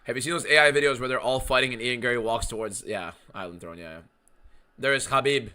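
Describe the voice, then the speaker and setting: A young man hosting a live fight watchalong stream, talking casually and excitedly, swearing a lot and reading out viewer messages. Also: mid-range voice, fast, clean tone. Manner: excitable, profane, reads chat aloud.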